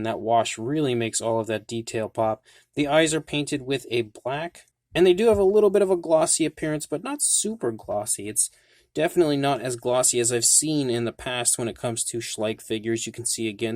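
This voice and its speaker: A man's voice: mid-range voice, a little mellow, no room sound. Guy hosting a toy review, eager and chatty, lots of "like", dry room, average voice. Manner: enthusiastic, detailed, frequent "like" fillers. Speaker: toy reviewer, channel host. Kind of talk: casual product review.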